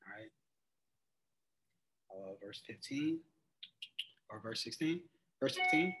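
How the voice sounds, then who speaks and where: A man of average pitch teaching a Bible study. He reads passages aloud in their old-fashioned wording, then breaks them down in relaxed, rambling talk, circling back with "it's like" as he explains. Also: moderate pace, long pauses, a little hiss or hum, rough recording. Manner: conversational, loose phrasing with frequent "it's like". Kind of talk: casual Bible study teaching with scripture reading.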